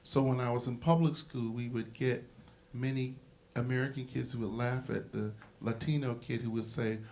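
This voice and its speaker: Gravelly-voiced man lecturing on a panel. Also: mid-range voice, fairly even intonation, moderate pace, a little mellow, slight background noise. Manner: emphatic, explanatory lecturing. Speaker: panel moderator and history teacher. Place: symposium panel.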